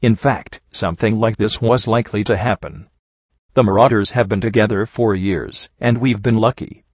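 A man voicing a calm male unicorn morale officer who speaks softly but firmly. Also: on the low side, normal speed, no echo, natural voice. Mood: calm, sympathetic. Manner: soft but firm, calm. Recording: dull lo-fi recording.

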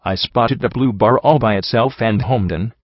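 A man narrating a first-person fantasy story as an audiobook reader, in a steady dramatic reading. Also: medium pitch, normal speed, no echo, muffled recording.

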